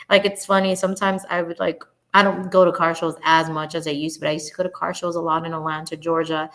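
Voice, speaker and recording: Low-voiced woman in her thirties, rambling. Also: little pitch movement, a little fast, fairly bright tone. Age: 30s. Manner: rambling, many fillers. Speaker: guest, pinup model. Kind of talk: casual interview chat.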